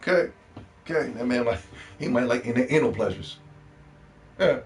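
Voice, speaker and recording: A young man hosting a live gaming stream, ranting casually and playfully with lots of swearing and bursts of shouting. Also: medium pitch, normal speed. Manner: animated, profane, playful shouting.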